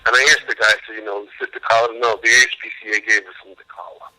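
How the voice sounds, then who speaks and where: A man talks fast and emphatically as the guest in an interview, with a bright, forceful edge to his voice. He tells his stories in an animated way, acting out both sides of each conversation. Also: fairly low pitch, rough recording. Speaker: animal rescue worker, guest. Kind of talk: interview, storytelling.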